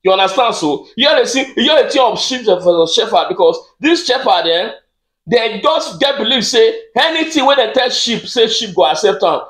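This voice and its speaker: A man with a Nigerian accent doing a rambling comic monologue, speaking excitably and stammering through repeated words. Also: sits high, moderate pace, roomy sound. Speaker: comedian.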